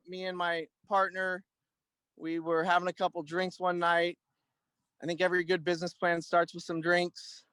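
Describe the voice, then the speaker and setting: A man's voice: high-pitched, smooth, dry recording. A man in his thirties, a guest and Army veteran, talking casually in an interview with frequent fillers and restarts. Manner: relaxed, rambling, many "um"s and restarts. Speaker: guest, Army veteran and clothing-line owner.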